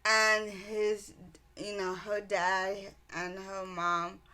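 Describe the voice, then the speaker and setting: Book reviewer, female, unhurried delivery, bright edge; rambling casual recap full of restarts. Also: mid-range voice, level tone. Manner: rambling retelling with many ums and restarts.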